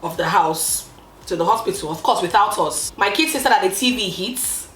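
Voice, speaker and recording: A young woman telling a storytime with expressive, dramatic emphasis, drawing out key words. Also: mid-range voice, normal speed, reverberant, a little hiss or hum, rough recording. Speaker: vlogger. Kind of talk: casual storytime.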